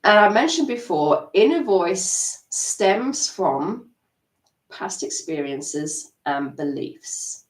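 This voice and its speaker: A woman EFT practitioner gently guiding listeners through tapping steps in a live coaching talk. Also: mid-range voice, sing-song, slow. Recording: echoey room, distant mic.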